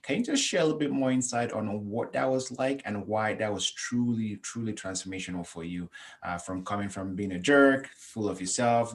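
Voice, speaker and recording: A man hosting a podcast interview, asking questions in an appreciative, measured and reflective way. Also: fairly low pitch. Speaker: podcast host.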